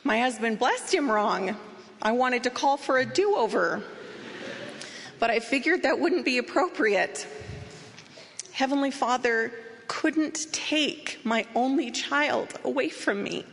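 A woman giving an earnest, measured personal testimony as she tells her story. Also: sits high, expressive, vocal fry, fairly bright tone, big-room sound. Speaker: speaker sharing a personal story.

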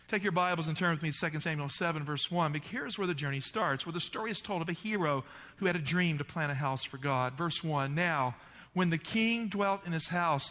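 A man with a high, bright voice preaches a sermon as a pastor. He reads scripture and explains it earnestly. The voice has a long hall reverb, as in a church sanctuary.

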